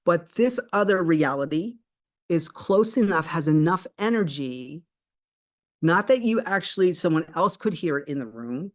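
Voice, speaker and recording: A woman coach giving a spiritual self-help talk, earnest and explanatory, often checking in with a quick "right?" and restarting phrases. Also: fairly low pitch, lively intonation.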